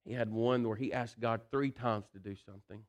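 Folksy, animated male preacher. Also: medium pitch, fairly quick. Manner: animated, folksy, repeats "listen" and "you know". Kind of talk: sermon.

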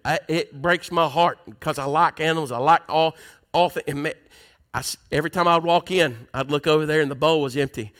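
A man's voice: on the high side, a little fast, fairly bright tone. A man preaching a sermon to a congregation in a church, telling stories in a conversational way and calling out to the people. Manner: conversational storytelling, addressing the congregation.

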